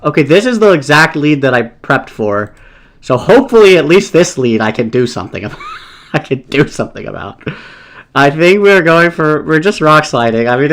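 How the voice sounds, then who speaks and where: Man, gamer voice, mid-range pitch, casual rambling play-by-play, swears a lot. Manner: thinking aloud, casual and rambling; swears often, exasperated. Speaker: competitive game player. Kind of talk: live gameplay commentary.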